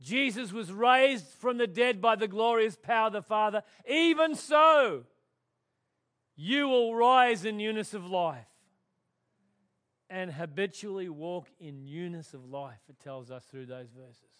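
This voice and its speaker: High-pitched man preaching with hushed swings. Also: unhurried. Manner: emphatic preaching, swinging from loud declarations to hushed tones. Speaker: pastor. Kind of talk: sermon.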